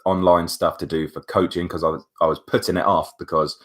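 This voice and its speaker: A young man with a deep, low-set voice vlogs straight to camera. He retells his day in a chatty, animated way, with plenty of asides along the way. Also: a little fast. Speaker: vlogger. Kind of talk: casual storytelling to camera.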